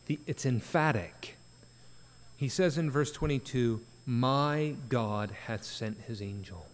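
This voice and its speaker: A male pastor preaches with earnest, emphatic rises. His voice sits at a middle pitch. Long reverb from the church sanctuary trails each phrase. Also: slow pace. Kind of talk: sermon at a prayer meeting.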